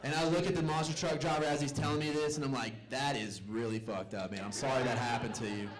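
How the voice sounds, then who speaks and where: A young man from the South tells stand-up stories on a comedy club stage. He is loose and self-mocking, and he acts out the people in his stories. His voice sits at an ordinary middle pitch for a man. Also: fairly even intonation, quick pace. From American South. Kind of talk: stand-up storytelling.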